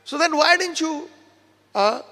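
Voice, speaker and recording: A man's voice: extremely high pitch, lively intonation, a little slow, pushed and bright, big-room sound. A man tells a devotional story at a seminar. He quotes the characters in his own voice. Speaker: preacher giving a seminar. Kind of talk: storytelling sermon.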